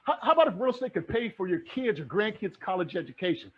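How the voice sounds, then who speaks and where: High-voiced energetic man pitching real estate. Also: fast, muffled recording, a little hiss or hum. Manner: energetic, asks the audience rhetorical questions. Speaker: real estate investing speaker. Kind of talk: motivational online presentation.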